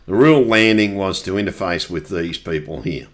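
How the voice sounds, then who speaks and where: A man's voice: deep voice, animated, moderate pace. A middle-aged man delivering a rambling, profane, insistent monologue for his video channel. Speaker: conspiracy video maker.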